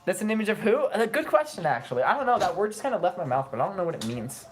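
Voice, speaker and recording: A young adult woman giving casual let's-play commentary, playful and teasing, swinging fast between moods. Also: mid-range voice, sing-song, soft background music. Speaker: gaming streamer.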